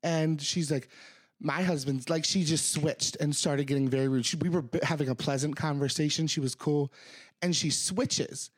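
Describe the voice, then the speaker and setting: Young male co-host, fairly high-pitched, profane and animated in casual chat. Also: normal speed. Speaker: podcast co-host.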